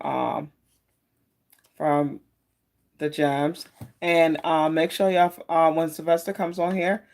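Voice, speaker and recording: A woman's voice: deep voice, gravelly, a little mellow. Woman, tarot live-streamer, rambling and friendly-casual delivery. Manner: chatty and meandering, greets viewers by name. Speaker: tarot card reader hosting a live stream.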